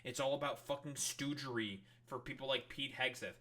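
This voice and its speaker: A man's voice: mid-range voice, steady tone, moderate pace, sharp tone. A man streaming, ranting angrily with constant swearing while reacting to a political clip.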